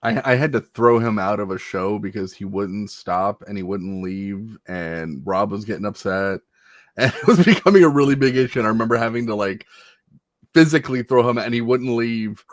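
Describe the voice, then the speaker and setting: A man's voice: on the low side, normal speed, no room sound. Laid-back male guest with a dry sound. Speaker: podcast guest, former wrestling ring crew. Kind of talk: casual reminiscing interview.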